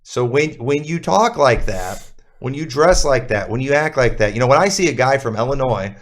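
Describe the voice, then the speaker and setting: A man's voice: medium pitch, animated, moderate pace. Male co-host, mid-range voice, casual and blunt with many fillers. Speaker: church podcast co-host. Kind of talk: casual conversational discussion.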